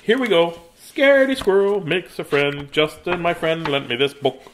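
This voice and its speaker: A man's voice: on the high side, moderate pace, slight background noise. A man from Canada telling a funny story and reading a children's book aloud in a playful, joking way.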